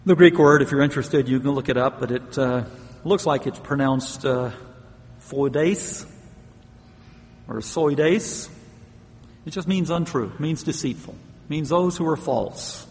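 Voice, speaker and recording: A man preaching a sermon in an earnest, emphatic way, leaning hard on the words he wants to stress. His voice sits a little higher than most men's, and a long reverb trails behind it as if he is in a large hall. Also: unhurried, long pauses, a little hiss or hum. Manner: earnest, emphatic, with occasional laughs.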